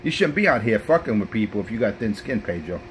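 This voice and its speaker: A man's voice: fairly low pitch, very animated, fast talker, slight background noise, rough recording. A man, trash-talking rivals as a brash, profane CB radio operator. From South Bronx, New York.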